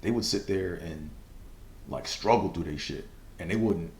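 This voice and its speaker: A young man with a very low voice hosts a casual solo podcast, rambling loosely through a personal story. He leans on fillers and curses, and stumbles into a stutter now and then. The sound carries a roomy echo. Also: moderate pace, darkish tone, a little hiss or hum. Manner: stutters at times. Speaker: podcast host.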